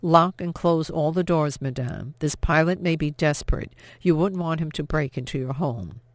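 A man's voice: on the high side, normal speed, no echo, natural voice. A man playing an agitated German army captain whose formal, clipped speech barely holds back anger. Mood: tense.

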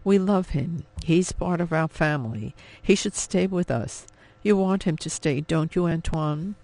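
A man's voice: fairly high pitch, measured pace, gravelly, a little mellow, poor audio. A man narrating an audiobook, voicing a grieving young mother who pleads emotionally. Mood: pleading.

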